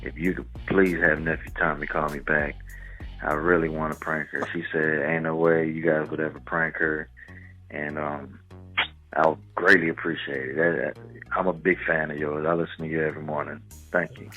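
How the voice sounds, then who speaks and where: Very deep man leaving an eager voicemail. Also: flat delivery, normal speed, bright, forceful tone, lo-fi sound, soft background music. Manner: polite, eager fan. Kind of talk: recorded voicemail message.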